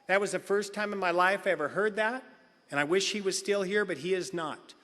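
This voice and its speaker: A man's voice: high voice, brisk, sharp tone. A middle-aged man telling a comedic personal story at a recovery meeting, acting out other people's lines. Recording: long hall reverb.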